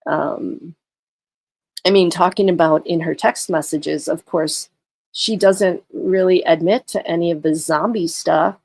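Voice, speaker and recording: A woman's voice: fairly low pitch, fairly even intonation, measured pace, gravelly, darkish tone, dry recording. A tired woman livestreaming in casual chat, talking through a case and greeting her viewers. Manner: chatty, greets viewers, many fillers. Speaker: true crime livestreamer.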